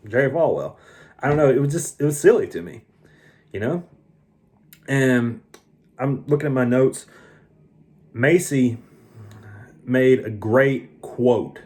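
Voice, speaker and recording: A man's voice: mid-range voice, measured pace, long pauses, a little mellow. A tired man talking through a casual movie review, earnest and opinionated, often restarting his sentences. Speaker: film reviewer.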